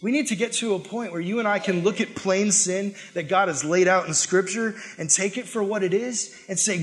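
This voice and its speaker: A man's voice: high-pitched, moderate pace, few pauses, big-room sound. A man, a pastor, delivering a sermon in a conversational, emphatic way and acting out the prayers and complaints he quotes.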